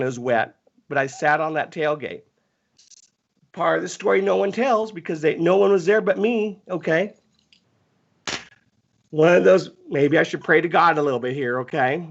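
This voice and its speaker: A man telling a long story in casual talk, animated and often stammering as he restarts his sentences. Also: fairly high pitch, gravelly, lo-fi sound.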